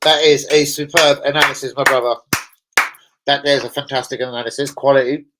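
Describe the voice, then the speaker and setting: A man's voice: mid-range voice, steady tone, brisk, heavy background noise. Young man, streamer host, loose, sweary, chatty, laughs a lot. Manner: swearing, chatty, laughs often, answers chat. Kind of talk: casual live stream chat.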